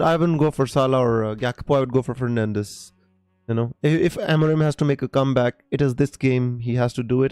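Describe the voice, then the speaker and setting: A man's voice: mid-range voice, darkish tone, smooth, no room sound. A man hosting a live stream, casually answering viewer questions with many fillers and restarts and calling people mate. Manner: reads viewer comments aloud.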